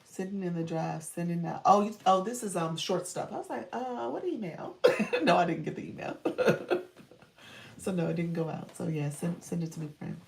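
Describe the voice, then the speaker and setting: Woman, livestream coach, casual chat, laughs a lot, gravelly, echoey room. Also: on the low side, brisk, recorded from a distance. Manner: chatty, laughs often, thanks viewers by name. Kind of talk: casual live-stream chat reading comments.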